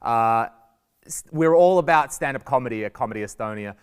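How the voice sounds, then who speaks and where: A man with an Australian accent, a comedian talking to students in a lively, jokey way and acting out little quoted voices. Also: mid-range voice, brisk, smooth, long reverb tail. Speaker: comedian giving a guest lesson. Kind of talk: lively stand-up style talk to students.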